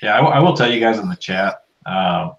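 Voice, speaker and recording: A man's voice: lowish voice, lively intonation, normal speed, creaky, reverberant, dull audio. A man co-hosting a casual live stream chat, laid-back and agreeable as he talks to the viewers. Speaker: podcast co-host.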